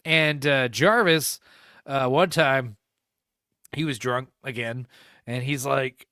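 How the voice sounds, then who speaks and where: A young man co-hosts a podcast of casual storytelling chat, telling stories in a rambling, profane way, laughing often and acting out quotes. He speaks slowly in a medium-pitched, sharp voice. The recording is dry, with clean studio sound.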